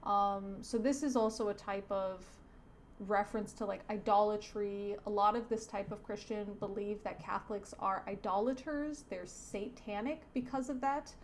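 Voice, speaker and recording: A woman, a teacher by trade, reading a comic aloud in casual commentary, with wry asides and sentences that wander off and trail away softly. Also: mid-range voice, fairly even intonation, normal speed, slight background noise. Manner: digressive, self-correcting, trails off softly. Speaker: teacher reviewing a comic on her channel.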